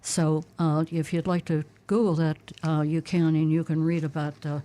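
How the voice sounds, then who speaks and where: A woman's voice: low voice, flat delivery, moderate pace, warm tone. A woman co-hosting a call-in car talk show, reading out phone numbers and taking callers. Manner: reads out phone numbers, takes calls. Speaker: radio show co-host.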